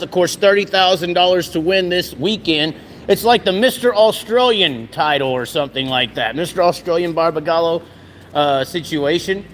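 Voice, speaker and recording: A man's voice: high voice, a bit bright. A chatty, joking man, interviewing people on location in a race car shop. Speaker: racing vlogger. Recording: reverberant shop with faint noise.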